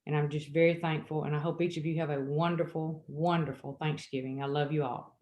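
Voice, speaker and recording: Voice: medium pitch, level tone, fairly quick, darkish tone. An earnest co-host talking over a video call, sincere and heartfelt, doubling words for emphasis. The voice sits in a noticeably echoey room. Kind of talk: heartfelt casual sharing.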